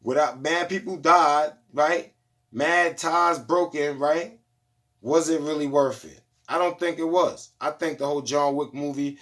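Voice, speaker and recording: A man's voice: mid-range voice, fairly bright tone. A man giving a loose, slangy movie review, retelling the plot in a casual storytelling way. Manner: loose slangy storytelling, lots of "you know what I'm saying".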